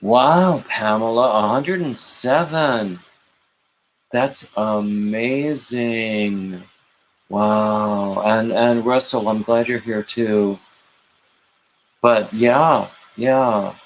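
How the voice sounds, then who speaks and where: A man's voice: lowish voice, slow, slight background noise, low-quality recording. A man hosting a late-night livestream, rambling on and greeting chat viewers by name with gushing, emotional asides. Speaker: livestream host.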